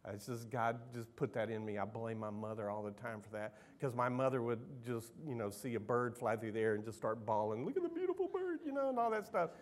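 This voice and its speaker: Emotional pastor preaching. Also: male voice, fairly low pitch, a little fast, hardly any pauses. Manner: emotional, conversational storytelling with fillers. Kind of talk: sermon.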